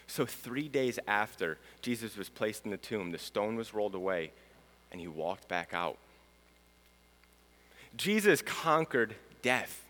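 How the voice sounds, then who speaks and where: A man preaching a sermon, swinging between loud proclamation and hushed, solemn passages. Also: fairly low pitch, big pitch swings, a little slow. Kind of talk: sermon teaching. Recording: long hall reverb.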